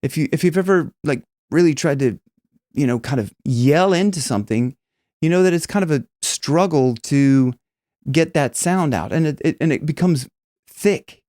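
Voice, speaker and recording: A man's voice: fairly high pitch, animated, normal speed, dark tone, no echo, clean studio sound. A man teaching singing in a casual, rambling way, with many restarts and demonstrations. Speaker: vocal coach.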